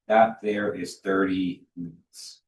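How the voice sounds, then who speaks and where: A young man giving a university lecture, talking loosely with lots of "uh" and "right?", a little low in pitch. He's picked up from across an echoey lecture hall, a bit distant from the mic. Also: lively intonation, takes it slowly, vocal fry. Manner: casual, many fillers and restarts, checks for questions. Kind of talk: classroom lecture.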